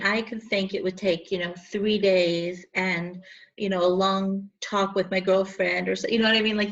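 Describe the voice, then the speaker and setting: A woman's voice: mid-range voice, dull audio. A woman podcast host chatting with enthusiasm, reacting to her guest. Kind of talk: casual chat.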